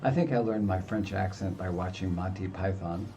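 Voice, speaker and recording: An older man talks casually over his gameplay, chatty and quick to poke fun at himself. His voice is low, gravelly and mellow. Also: a little hiss or hum. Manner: chatty and self-deprecating. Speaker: gaming video host.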